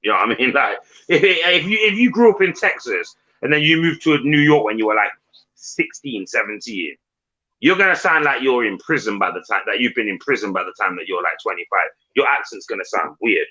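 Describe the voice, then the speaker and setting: A man's voice: medium pitch, lively intonation, a little fast, bright, forceful tone, slightly rough. A man with a Nottingham accent hosting a voice chat, teasing and laughing as he rambles with restarts. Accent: Nottingham English. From Nottingham, England. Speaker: chat room host. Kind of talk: casual voice-chat banter. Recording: dull lo-fi voice chat audio.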